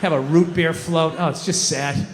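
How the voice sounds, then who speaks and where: A man's voice: on the high side, steady tone, normal speed, background noise. A man doing stand-up comedy on a large outdoor stage, ranting in an exasperated, profane way into a handheld mic. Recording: live outdoor show with reverb.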